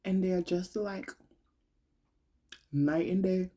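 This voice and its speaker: A young adult woman talks slowly and from the heart in a personal monologue. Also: on the low side, steady tone, warm tone. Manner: slow, heartfelt, colloquial and conversational. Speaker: vlogger.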